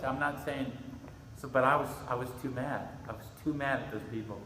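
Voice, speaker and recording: A middle-aged man preaching to a youth group, telling a story with animated, acted-out quotes. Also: medium pitch, normal speed, recorded from a distance, a little hiss or hum. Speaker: pastor. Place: church hall. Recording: echoey hall with faint ambience.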